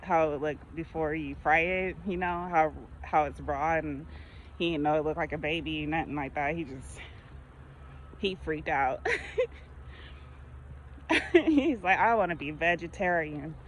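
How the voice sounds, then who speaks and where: A woman's voice: sits low, a little slow, long pauses, rough recording. A woman vlogger chatting casually while walking outdoors, rambling through her stories and laughing often. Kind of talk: casual chat.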